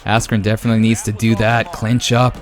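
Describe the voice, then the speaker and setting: Excitable man calling a boxing game. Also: fairly low pitch, brisk. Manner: excitable, jumps to loud exclamations at big moments; casual, says "man" and "brother". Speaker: YouTube sports host. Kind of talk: casual play-by-play commentary of a boxing video game.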